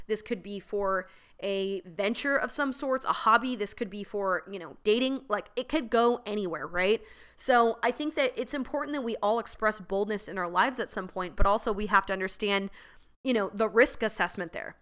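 A woman hosting a podcast, telling a story in a casual monologue, animated and laughing often, with lots of "like" fillers. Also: medium pitch. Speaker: podcast host.

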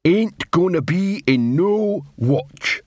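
A man reading an audiobook, voicing a sullen troll prisoner who growls his words very slowly. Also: sits high, lively intonation, darkish tone, no room sound, clean studio sound, pitched above the performer's own voice, exaggerated voice. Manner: slow, growling, sulky mumble.

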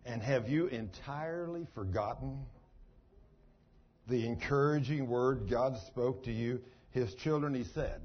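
A man's voice: medium pitch, unhurried, husky. An older man, a pastor, preaching a sermon in a folksy storytelling manner. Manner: folksy storytelling, down-home phrasing. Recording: dull lo-fi sermon recording.

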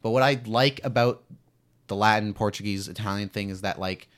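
Low-voiced man thinking aloud. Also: brisk. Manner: thinks aloud, repeats phrases, hedging. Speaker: podcast co-host. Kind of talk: casual chat.

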